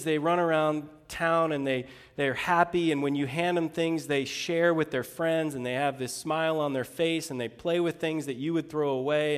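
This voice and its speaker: A middle-aged man preaching a sermon in a conversational way, asking rhetorical questions and slowing down for quoted scripture. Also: a little high, smooth, in a large hall. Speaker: pastor.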